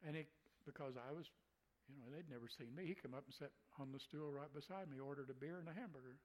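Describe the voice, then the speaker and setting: A man's voice: on the high side, fast talker, darkish tone, poor audio. Folksy preacher, a man with a raised voice. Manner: folksy, chuckling, acting out quotes. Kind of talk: telling a personal story in a conversation.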